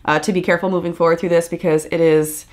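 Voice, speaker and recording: A woman's voice: on the low side, little pitch movement, fast talker, a little mellow. A woman vlogger ranting in angry, exasperated commentary, swearing often.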